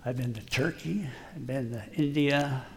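A man's voice: mid-range voice, a little slow, a little mellow, a little hiss or hum. A man preaching a folksy, emphatic sermon, joking at his own expense as a plain working guy. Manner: folksy, self-deprecating, emphatic. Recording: long hall reverb.

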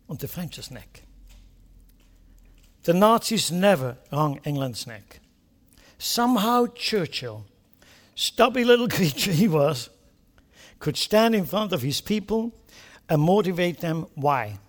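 High-pitched guy preaching a sermon, gets loud and fired up, asks the crowd questions. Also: big pitch swings, slow, pauses often, long reverb tail. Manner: impassioned, swinging between quiet asides and loud emphatic bursts; talks straight to the congregation with rhetorical questions.

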